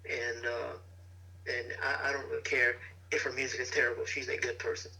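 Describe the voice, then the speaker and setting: Man, bright voice, co-host, casual music chat, hesitant, fillers. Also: medium pitch, level tone, a little fast, vocal fry, low-quality recording. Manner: thoughtful, hesitant, many fillers. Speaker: podcast co-host.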